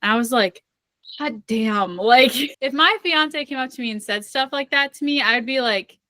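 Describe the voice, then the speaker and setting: A woman's voice: sits high, normal speed, bright, forceful tone, no room sound. A young woman co-hosting a book podcast in casual chat, playful and chatty, spinning imagined scenarios with lots of "like" fillers. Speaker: podcast co-host. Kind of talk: casual chat about books.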